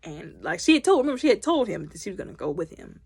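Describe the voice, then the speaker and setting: A loud, talkative woman retells a film scene by scene, putting on the characters' voices as she goes. Her voice has a gravelly fry. Her pitch rises and falls a lot, and the sound is dry and close. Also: very animated, fast, no echo. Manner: chatty, retells scenes by acting out characters' lines. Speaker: movie reviewer. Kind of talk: casual movie recap.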